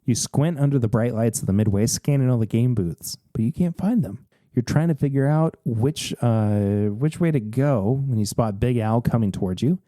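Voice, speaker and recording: A man hosting a podcast, reading a gamebook aloud in a lively, expressive way. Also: medium pitch, normal speed, no room sound. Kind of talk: animated story reading.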